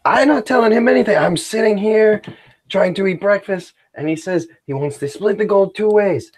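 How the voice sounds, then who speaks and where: A man voicing a scheming, chained bandit who wheedles, pleads and shouts. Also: sits high, normal speed, voice pushed up. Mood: shrill pleading.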